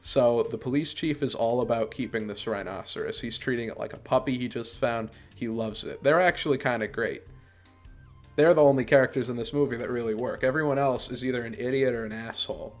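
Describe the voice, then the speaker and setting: A man's voice: mid-range voice, a little fast, soft background music. A man hosting a podcast, giving a casual, sarcastic and exasperated review of a movie.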